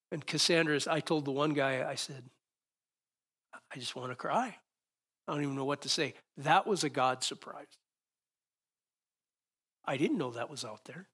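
A middle-aged man preaching a sermon as pastor, telling a personal story with sudden loud emphatic peaks. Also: a little high, husky.

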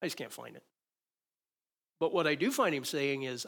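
Pastor guy preaching, bit high voice, joking around, goes loud then drops real quiet. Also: lively intonation, measured pace, gravelly, pauses often. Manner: conversational preaching, joking, swings between loud emphasis and quiet asides. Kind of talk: sermon. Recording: preached into a microphone.

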